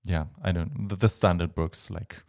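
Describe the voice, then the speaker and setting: German-accented male guest, lowish voice, hesitant and friendly. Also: fairly even intonation, moderate pace, gravelly, darkish tone. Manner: hesitant, many fillers, laughs often. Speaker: guest, Baroque violinist. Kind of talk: casual interview chat.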